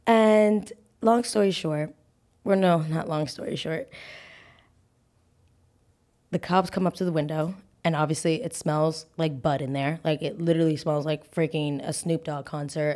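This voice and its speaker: A young woman hosting a podcast, telling a personal story in a chatty, animated way with lots of fillers and restarts. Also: low voice, normal speed. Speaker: podcast host. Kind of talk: casual storytelling.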